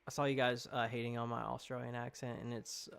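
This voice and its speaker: A young man talks loosely on his live stream. He rambles and reacts to chat comments as they come in. His pitch is right in the middle for a man. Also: level tone, fairly quick, gravelly, fairly bright tone, clean tone. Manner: chatty, rambling, reading chat aloud.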